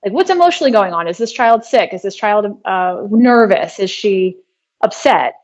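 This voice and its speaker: A woman guest in an interview, explaining her work earnestly and telling a personal story in a steady way. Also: mid-range voice, normal speed. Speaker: guest, trauma healing practitioner. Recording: dull lo-fi sound.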